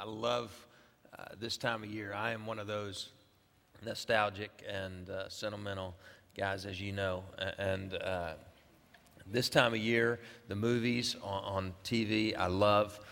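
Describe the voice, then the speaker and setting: A man's voice: on the low side, fairly even intonation, a little slow, gravelly, a bit bright. Middle-aged male pastor, casual and rambling delivery, in a reverberant hall. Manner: rambling, with many fillers and restarts. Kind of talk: casual sermon opening. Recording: long echo of a large hall.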